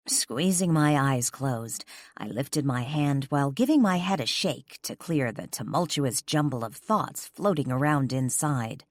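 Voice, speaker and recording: A woman narrating a first-person romance audiobook, expressive and sharp-tongued in dialogue. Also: a bass voice, a little slow, no room sound, clean studio sound.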